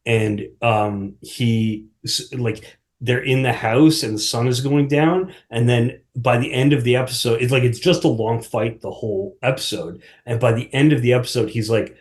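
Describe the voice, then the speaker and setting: Rambling man with a middle-pitched voice. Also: steady tone, moderate pace. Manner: rambling, many fillers and restarts, laughs often. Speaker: podcast guest. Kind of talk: casual chat.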